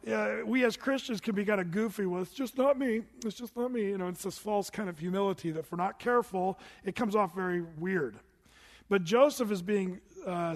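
A middle-aged man preaching a sermon in an animated, conversational way with touches of humor. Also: sits high, big-room sound. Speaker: pastor.

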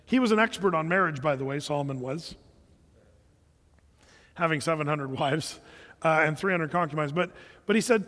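High-voiced man preaching in a hall. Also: expressive, moderate pace, long pauses, a bit bright. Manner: conversational storytelling preacher, frequent restarts. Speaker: pastor. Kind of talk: sermon.

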